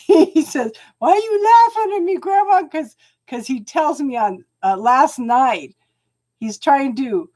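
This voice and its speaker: An older woman hosting a casual tarot livestream, chatty and often laughing, greeting viewers by name as she talks. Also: medium pitch. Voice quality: laughs often while talking. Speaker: tarot reader host.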